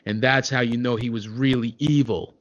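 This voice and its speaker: A man voicing a gruff, boastful male metal singer telling a bedtime story to kids in a comedy podcast sketch. He talks dismissively and hesitantly, filling his speech with "uh" and "okay?". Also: medium pitch, fairly even intonation, normal speed, muffled recording, close to an everyday voice. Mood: grumbling.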